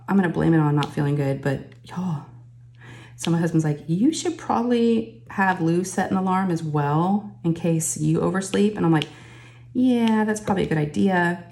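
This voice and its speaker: A woman, hosting a crafting channel and telling stories in a casual, animated way, jumping up in pitch to quote people. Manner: says "oh my gosh" and "y'all" often. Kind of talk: casual chatty storytelling.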